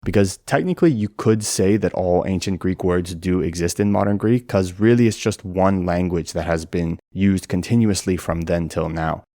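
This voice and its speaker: A man narrating an educational video and explaining things clearly and methodically. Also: low-pitched, normal speed, hardly any pauses, mellow, no echo, studio quality. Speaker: language explainer.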